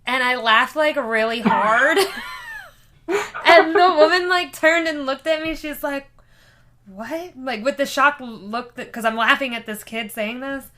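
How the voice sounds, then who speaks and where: A woman co-hosting a podcast, telling a story in a casual, animated way with laughter. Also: high voice, a little slow. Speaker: podcast co-host.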